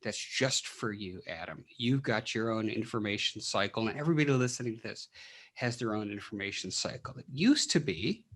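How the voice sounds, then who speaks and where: A man's voice: lowish voice, brisk, a bit bright. A man who is a clinical psychologist, speaking as a podcast guest and explaining things with rhetorical questions and frequent restarts. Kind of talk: casual interview talk.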